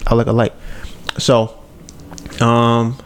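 Male podcast host, mid-pitched, low-key monotone chat, rambling and self-correcting, casual cursing. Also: takes it slowly, a little hiss or hum. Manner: laid-back, admits a monotone delivery.

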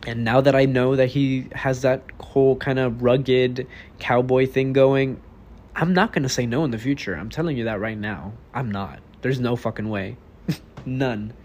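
A man's voice: mid-range voice, darkish tone. An eighteen-year-old man from Texas hosting his own podcast, talking alone in a rambling, blunt, profane way. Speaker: podcast host. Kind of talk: casual solo podcast monologue.

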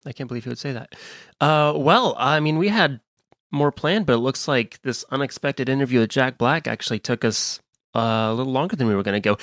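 A man's voice: medium pitch, fairly bright tone, no room sound, clean studio sound. A man hosting a podcast in casual chat, wry and rambling. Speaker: podcast host.

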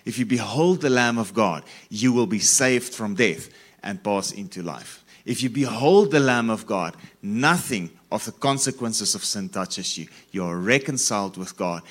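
A man's voice: lowish voice, animated, moderate pace. A man preaching a sermon, repeating phrases and stressing key words as he reads scripture.

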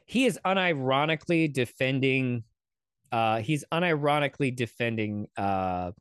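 A man's voice: medium pitch, animated, normal speed, a bit bright, clean tone, dry recording, clean studio sound. A man hosting a casual reaction commentary, rambling and sarcastic with lots of swearing. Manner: profane, rambling, sarcastic asides. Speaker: commentary host.

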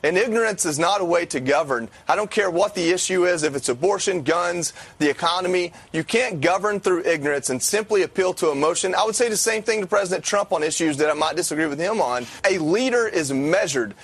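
A man's voice: high-pitched, expressive, a little fast, hardly any pauses, fairly bright tone, husky. A man co-hosting a podcast, delivering pointed, emphatic opinion commentary. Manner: pointed and emphatic, with blunt verdicts.

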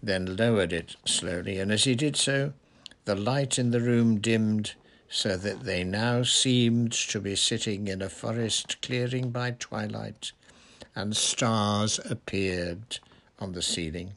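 A man narrating an audiobook in a slow, even manner. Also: fairly low pitch.

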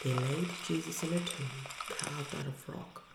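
A woman reads a children's storybook aloud with an earnest, heartfelt delivery. Her voice is low and gravelly and she takes her time, in a room with a clear echo. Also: a little slow, over music. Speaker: parent reading to listeners. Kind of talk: storybook reading. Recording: roomy echo.

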